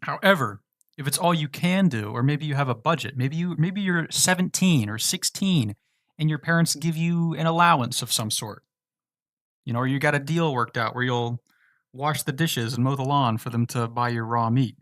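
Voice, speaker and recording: A man's voice: medium pitch, normal speed, fairly bright tone, dry recording, studio quality. A man from the United States hosting a casual livestream, reading viewer questions aloud and answering them in a loose, laid-back way. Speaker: livestream host answering chat.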